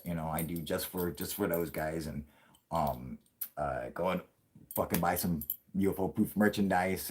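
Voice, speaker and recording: Late-30s male streamer, low register, profane loose banter, joking and laughing. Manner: crude, profanity-heavy rambling with frequent laughs; puts on a yelling grumpy old man for jokes. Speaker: live stream host. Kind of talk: casual live-stream chat.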